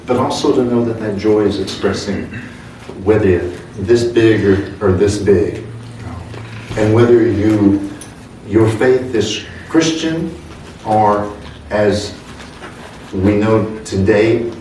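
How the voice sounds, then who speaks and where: A man leading a church service, telling a story slowly and chuckling as he preaches. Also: lowish voice. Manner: slow, warm storytelling with chuckles. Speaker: minister. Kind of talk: sermon. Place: church sanctuary. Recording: echoey hall, distant mic, faint hum.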